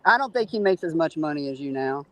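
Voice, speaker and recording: A man's voice: on the high side, lively intonation, fast, a bit bright, no echo. A man with a Southern American accent, a guest on a live stream, prodding the host with teasing questions. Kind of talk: casual teasing chat.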